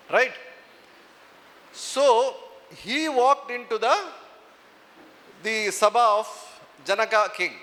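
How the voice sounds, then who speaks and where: Police officer speaking to students, Indian English accent, high bright voice, teasing, echoey hall. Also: male voice. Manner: teasing, coaxing the audience. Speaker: police officer giving a talk. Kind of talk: motivational talk to students.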